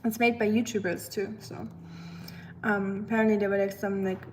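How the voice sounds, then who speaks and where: A woman's voice: mid-range voice, fairly even intonation, moderate pace, a little mellow, slight background noise. A woman live streamer chatting casually with her viewers, rambling and using lots of filler words. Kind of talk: casual livestream chat.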